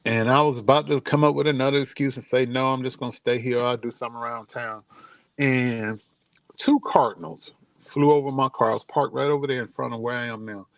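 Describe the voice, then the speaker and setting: A man's voice: medium pitch, steady tone, fairly quick, vocal fry, a bit bright, no echo. A middle-aged man, a vlogger, telling a personal story in a casual, heartfelt and grieving way, then offering encouragement, speaking outdoors near his home.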